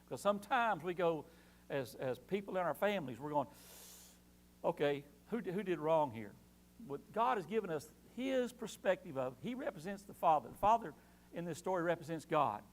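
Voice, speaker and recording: A man's voice: high-pitched, animated, brisk. Earnest man teaching a Bible class. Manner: earnest, repeats key phrases for emphasis.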